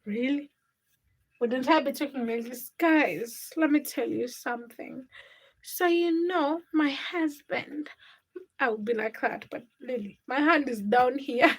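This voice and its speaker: A woman's voice: sits high, measured pace, breathy edge. A young woman hosting a casual livestream, chatting with viewers and reading their comments aloud while she cooks. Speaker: livestream host.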